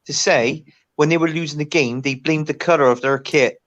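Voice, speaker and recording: A man chatting casually about football. He rambles through stories and restarts his sentences. His voice sits slightly high. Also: normal speed, fairly bright tone, highs cut off.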